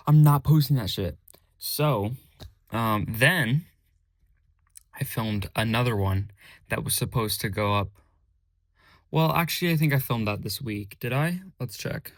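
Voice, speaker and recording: Young male podcast host, casual and rambly, flat delivery, dry close-miked sound. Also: on the low side, no echo. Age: young adult. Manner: rambling, self-correcting, says his voice is monotone. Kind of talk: casual solo podcast chat.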